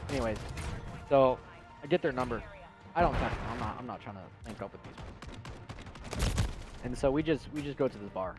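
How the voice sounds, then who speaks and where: A man's voice: mid-range voice, a little fast, pauses often, music in the background. A young man from Texas, a streamer, telling rambling, profane stories in casual chat and laughing often.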